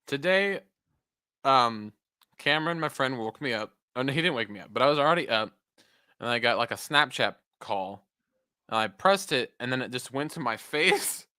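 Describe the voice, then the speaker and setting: Chatty co-host, swears constantly, super lively up-and-down voice, bright tone, dry sound. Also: mid-range voice, normal speed, dry recording. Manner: animated storytelling, swears a lot. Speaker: podcast co-host. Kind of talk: casual chat.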